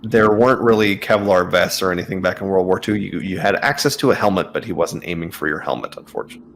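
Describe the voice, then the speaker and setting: A man narrating as game master of a tabletop game, relaxed, with lots of fillers and laughs. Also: low-pitched, fast, a little hiss or hum.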